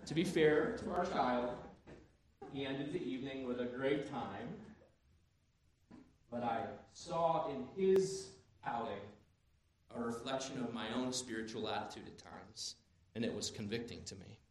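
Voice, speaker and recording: A man in his thirties preaching a sermon as pastor, animated, moving between quiet asides and loud emphatic bursts. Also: mid-range voice, measured pace, a little hiss or hum. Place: church sanctuary. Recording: very echoey church hall.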